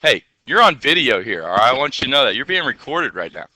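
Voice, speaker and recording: A male teacher giving a classroom coding lesson, energetic and constantly checking in with rhetorical questions. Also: medium pitch, quick pace, no room sound, low-quality recording.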